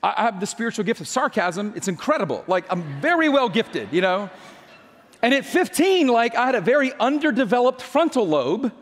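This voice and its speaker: A man's voice: very high-pitched, big pitch swings, brisk, in a large hall. A male pastor telling a personal story in a sermon, chatty and joking, often restarting his sentences.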